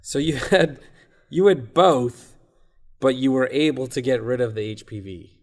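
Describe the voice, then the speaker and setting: A man's voice: mid-range voice, a little slow. A man hosting a podcast, interviewing a comedian guest with teasing, playful questions. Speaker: podcast host. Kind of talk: casual interview. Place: comedy club.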